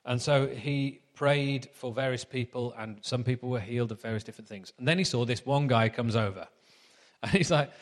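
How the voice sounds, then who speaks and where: A man's voice: mid-range voice, normal speed, in a large hall. A man preaching a sermon in a chatty, anecdotal storytelling manner.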